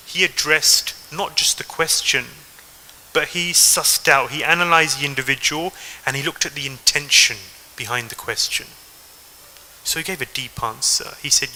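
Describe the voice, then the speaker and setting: English man, devotional talk, storytelling, sharp bright tone, faint hiss. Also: mid-range voice, normal speed, rough recording. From England. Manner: storytelling, addresses the audience directly. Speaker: temple speaker.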